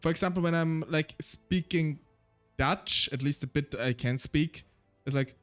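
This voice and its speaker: Chatty German-accented man, fairly high voice. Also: a little slow, a bit bright, soft background music. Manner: chatty, rambling, self-deprecating. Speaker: streamer. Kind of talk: casual solo stream chat.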